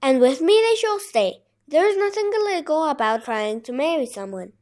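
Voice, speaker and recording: A woman's voice: sits high, animated, normal speed, darkish tone. A woman reading the lines of a grim, scheming male villain in a storybook audiobook, insistent and threatening. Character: scheming villainous grown man, menacing.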